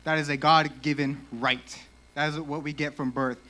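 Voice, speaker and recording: A young man giving a casual, animated youth sermon in a church, peppered with "like," and a little out of breath. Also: a little high, moderate pace. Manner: casual, animated, lots of 'like'. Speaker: youth speaker.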